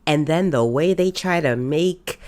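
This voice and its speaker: A woman's voice: low-pitched, measured pace, darkish tone. A woman hosting a casual podcast, giving an exasperated, emphatic rant with lots of repetition. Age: adult. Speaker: podcast host.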